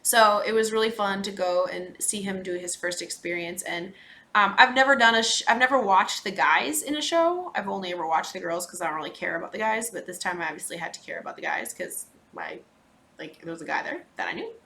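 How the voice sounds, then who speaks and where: A woman from Minnesota hosts her podcast in a casual, chatty recap. Her voice is bright and forward at a middle pitch. She talks in lively bursts and drops into quiet asides. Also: fairly quick. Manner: chatty, animated, frequent laughs and asides. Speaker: podcast host.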